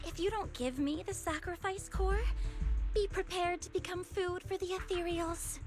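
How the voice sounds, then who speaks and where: An actress voicing a scornful, vengeful young woman in a game, shrill when enraged, over background music. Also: fairly even intonation, measured pace. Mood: threatening. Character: vengeful young woman devoted to her late father.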